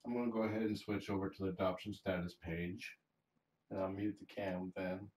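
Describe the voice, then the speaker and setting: A man with a very low voice talks gently to a cat and chats with livestream viewers. He explains things plainly and often backs up to restart a phrase. He sits well back from the mic, and the room gives his voice a hollow ring. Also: flat delivery, fairly quick, a little hiss or hum. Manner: soft-spoken, coos fondly to a cat. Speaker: cat fosterer streaming live. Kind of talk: casual livestream chat. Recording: roomy sound, mic some distance away.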